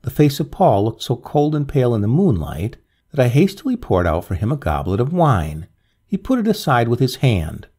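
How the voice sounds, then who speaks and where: A man narrating a dramatic old ghost story in an expressive, measured way. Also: mid-range voice, husky.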